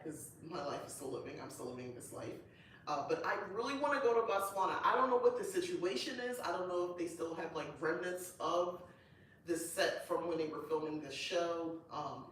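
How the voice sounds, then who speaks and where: A woman hosting a casual unboxing chat, gushing and excitable, with lots of delighted exclamations. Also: sits low, distant mic. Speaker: host. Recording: echoey room, voice off-mic, faint noise.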